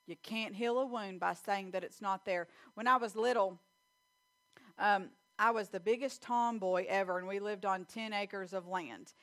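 A middle-aged woman preaching with an animated, storytelling delivery. She moves between quick, excited bursts and slower, earnest appeals. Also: mid-range voice. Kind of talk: sermon with personal story.

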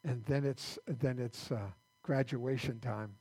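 A male pastor giving a conversational sermon in a church, halting and repeating words as he restarts his sentences. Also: medium pitch, steady tone, a little mellow, breathy edge.

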